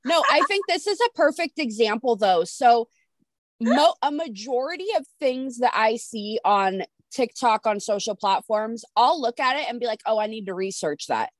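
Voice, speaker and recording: A woman's voice: fairly high pitch, expressive, normal speed, no room sound. Frank woman podcast host, dry close sound. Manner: frank, swears casually, laughs easily. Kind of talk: casual chat.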